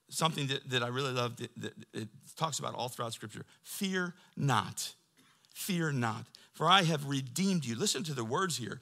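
A man preaching a sermon, moving from quiet storytelling to loud, fervent preaching. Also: fairly high pitch, vocal fry. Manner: builds from quiet talk to loud, preaching fervor. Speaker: pastor.

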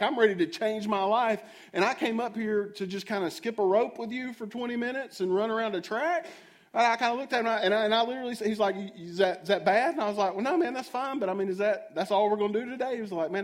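Guy preaching, chatty and self-mocking, keeps asking the crowd "right?". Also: sits high. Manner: storytelling, self-mocking, addresses the audience directly. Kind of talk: sermon.

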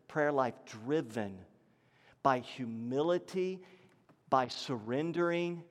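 A male pastor preaching a sermon, swinging between raised emphatic lines and low, hushed ones. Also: in a large hall.

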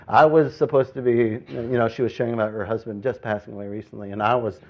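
A man preaching a sermon as pastor, talking in a conversational way that swings from loud, stressed points to quiet, reflective asides. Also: mid-range voice, fairly quick, hardly any pauses, highs cut off.

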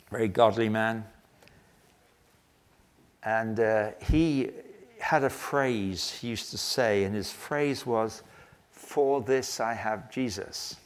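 An older man preaching a sermon, telling a story earnestly and slowing down to stress key phrases. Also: on the low side. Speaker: pastor.

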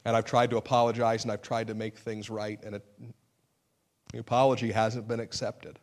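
A man's voice: fairly low pitch, flat delivery, a little fast, a little mellow. A middle-aged male pastor preaching a sermon in an earnest way, with sudden emphatic outbursts and self-deprecating humor.

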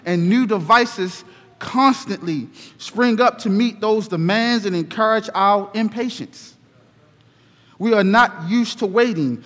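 Male pastor, sermon, unhurried storyteller; high voice, long church echo. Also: bright, forceful tone. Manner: slow, deliberate storytelling. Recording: reverberant hall.

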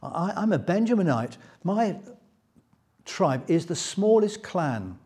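A man's voice: high-pitched, very animated, slow pace, dark tone, slightly rough, pitched above the performer's own voice, full character voice. A man voicing an overwhelmed, anxious young man in a Bible story retelling, protesting and stammering.

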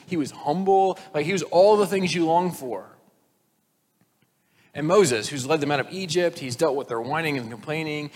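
A man preaching a sermon in a conversational, animated storytelling way, sometimes acting out the people in the story. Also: fairly high pitch, moderate pace. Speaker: pastor. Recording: long reverb with faint noise.

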